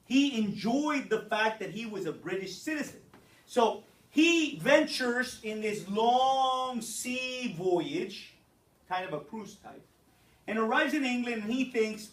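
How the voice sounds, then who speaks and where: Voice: mid-range voice, lively intonation, slow. Brief: chatty classroom teacher explaining at an easy pace, recorded from across a reverberant room. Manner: conversational, explaining and checking in with "okay?". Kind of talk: classroom history lesson. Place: echoey classroom. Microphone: far-off camera mic. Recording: roomy, distant classroom recording.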